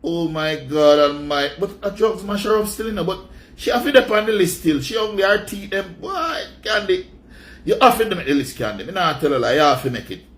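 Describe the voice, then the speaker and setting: Mocking his way through a countdown, a Jamaican man rambles and announces every entry loudly and at drawn-out length. His voice is high and animated.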